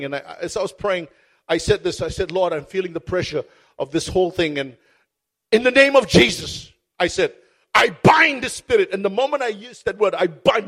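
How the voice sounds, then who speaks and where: A man with a high voice preaches from a stage. He tells his story with fervor and drives his points home by repeating phrases. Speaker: pastor. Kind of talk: sermon. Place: stage before a congregation.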